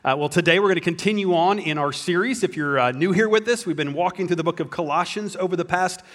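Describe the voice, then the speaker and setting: Speaking fast in a high voice, this pastor delivers a sermon built around a joke-filled story. He frequently stops and restarts his sentences.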